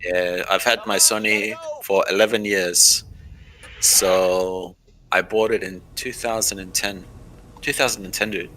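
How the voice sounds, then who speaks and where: Chatty deep-voiced man gaming. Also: fairly even intonation, unhurried, pushed and bright, a little hiss or hum. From Australia. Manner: rambling, chatty, laughs often. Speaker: streamer. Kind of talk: casual gameplay chat.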